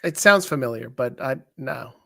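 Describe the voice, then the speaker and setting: A man's voice: mid-range voice, expressive, moderate pace, gravelly, no room sound, studio quality. A man co-hosting a live wrestling watch-along, chatting and joking casually. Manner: joking, chatty, reacts loudly. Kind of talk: casual live commentary chat.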